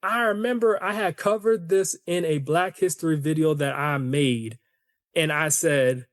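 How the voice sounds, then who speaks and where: A man's voice: fairly high pitch, measured pace, no room sound, studio quality. Fired-up man hosting a podcast. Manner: animated, opinionated ranting; conversational, addresses listeners as y'all. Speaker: podcast host. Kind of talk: solo podcast commentary.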